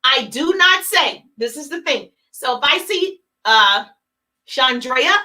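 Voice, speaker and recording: A woman business coach giving an energetic, emphatic live-streamed talk, repeating her key points and acting out sample phone calls. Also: high voice, slow pace, low-quality recording.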